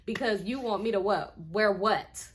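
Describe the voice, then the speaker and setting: A young woman vlogger telling a story in a casual, animated and profane way, often sounding indignant. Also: medium pitch, moderate pace, a little hiss or hum.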